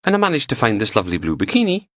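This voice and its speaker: A flirty, teasing woman with a Fife accent, as a male narrator puts her on, her voice lifted high and bouncing up and down. She chats along playfully, heard close and dry with no room around her. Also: wildly swooping pitch, racing, fairly bright tone, no room sound.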